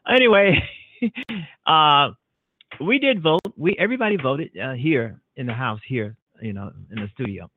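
A man's voice: fairly high pitch, lively intonation, a little slow, slight background noise. A man hosting a casual internet radio show from a home studio, out of breath, talking in a repetitive, emphatic, rambling way. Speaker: host. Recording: tinny phone-like line, dry.

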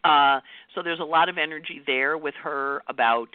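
A woman's voice: low voice, moderate pace, no echo, narrow, tinny audio. A woman astrologer giving a chatty weekly forecast. She laughs often and acts out the voices she quotes.

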